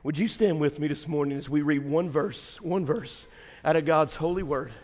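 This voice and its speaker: A man's voice: a little high, normal speed. Male preacher, folksy and dramatic, recorded in a sanctuary with long reverb. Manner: swings from shouting to hushed whispers; folksy storytelling with fillers and laughter. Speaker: pastor. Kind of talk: sermon. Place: large church sanctuary.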